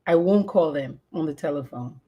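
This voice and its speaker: A woman in her fifties, a podcast host, reads a personal memoir in an expressive way and then chats casually, dropping in Creole phrases. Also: deep voice, moderate pace, breathy edge, dull audio.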